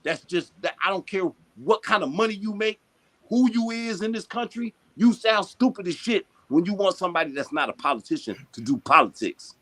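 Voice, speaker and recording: A man's voice: sits high, lively intonation, a little fast, bright, forceful tone. A man hosting a podcast, talking in a heated, casual and profane way, full of slang and emphasis. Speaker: boxing podcast host.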